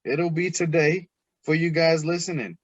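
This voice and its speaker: A man hosts a casual sports podcast in a slightly raised, animated voice, teasing the others. The recording is dry and somewhat lo-fi, with muffled highs. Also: normal speed, no echo. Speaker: podcast host.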